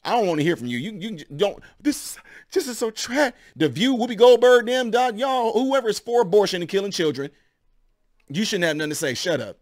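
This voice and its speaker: A man's voice: sits high, brisk. A man hosting his own channel, giving heated, rambling opinion commentary to his viewers. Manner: animated, rambling, addresses viewers as y'all.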